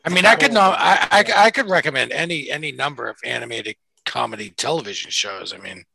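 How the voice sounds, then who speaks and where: A man's voice: mid-range voice, expressive, fast, vocal fry, pushed and bright, poor audio. A man chatting casually as a podcast co-host, enthusiastic and restarting his sentences. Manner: enthusiastic, repeats himself when starting sentences. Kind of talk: casual chat.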